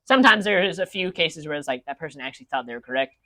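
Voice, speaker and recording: A man's voice: on the high side, lively intonation, rapid-fire, sharp tone. A man ranting in casual chat with friends, rambling with many restarts and fillers. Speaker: podcast co-host. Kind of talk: casual rant among friends.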